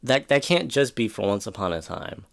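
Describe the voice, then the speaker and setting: A man's voice: fairly low pitch, sing-song, moderate pace, gravelly, fairly bright tone. A man hosting a solo podcast, ranting in a profane, rambling, exasperated way, trailing off and restarting mid-sentence. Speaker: podcast host.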